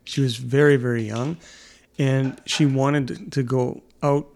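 A man's voice: medium pitch, steady tone, takes it slowly, creaky, a little mellow, a little hiss or hum. A middle-aged man telling family anecdotes in casual chat, a rambling storyteller who laughs often. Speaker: podcast co-host and father.

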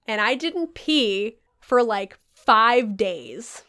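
A woman with a fairly high voice hosts a casual podcast chat and tells stories in an animated way. She swears freely, and her pitch leaps when she gets excited. Her throat sounds a little sore. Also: very slow, smooth. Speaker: podcast host.

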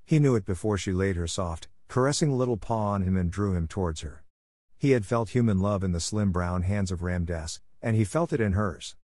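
A man reading a classic storybook aloud in a calm, measured manner. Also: deep voice, dry recording, clean studio sound. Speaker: narrator. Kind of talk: storybook narration.

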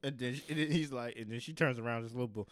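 A man chatting in a relaxed comedic way, laughing often and briefly acting out other people in a quick voice. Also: medium pitch, dry recording. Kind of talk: casual comedic chat, acting out scenes.

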